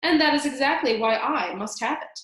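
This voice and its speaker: A woman's voice: sits high, normal speed, a bit bright, pitched above the performer's own voice. Storybook villain: a silky, scheming rat, voiced by a woman, roomy sound. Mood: sly. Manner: polite, oily and formal. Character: sly, smooth-talking male rat. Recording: roomy echo.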